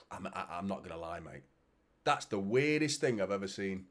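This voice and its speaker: A man's voice: low voice, expressive, moderate pace, a bit bright. A man with a Manchester accent hosting a live football watchalong, chatting casually, swearing and reading out viewer comments. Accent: Mancunian. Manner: chatty, swears, reads out comments, frequent "mate" and "do you know what I mean". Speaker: fan channel host.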